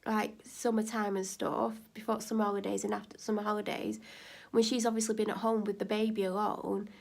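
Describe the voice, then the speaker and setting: Animated woman telling a story. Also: mid-range voice, fairly quick, gravelly. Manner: animated, rising to near-shouting when retelling an argument. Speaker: vlogger. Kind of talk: casual storytelling vlog.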